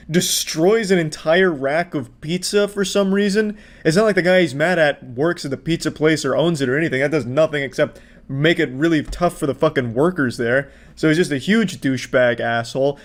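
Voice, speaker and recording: A man's voice: a little high, moderate pace. A man giving sarcastic, profane reaction commentary on clips. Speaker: commentary host.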